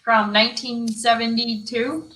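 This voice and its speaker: A woman with a bright, crisp voice co-hosting a casual live chat. She asks questions and chats freely, with a lot of 'like' in her speech. She speaks as a real estate agent. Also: fairly high pitch, flat delivery, measured pace, reverberant, poor audio. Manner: chatty, questioning, uses like a lot.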